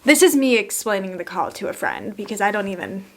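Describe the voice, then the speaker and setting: A woman's voice: mid-range voice, wildly swooping pitch, a little fast, gravelly. Woman telling a candid storytime. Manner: candid, profane, emotional storytelling. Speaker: vlogger. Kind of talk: storytime vlog.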